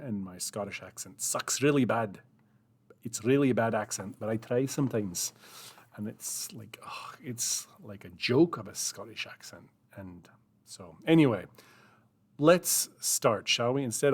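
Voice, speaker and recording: A man's voice: medium pitch, measured pace. Rambling man muttering at his desk. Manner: rambling, self-deprecating, thinks aloud and mutters. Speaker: writing group host. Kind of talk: casual live-stream chat while writing.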